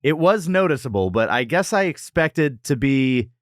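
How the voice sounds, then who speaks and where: A man's voice: mid-range voice, normal speed, no echo, studio quality. A man co-hosting a food podcast, telling the story in a playful, joking way. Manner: playful, animated storytelling with jokes. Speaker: podcast co-host. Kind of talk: casual chat.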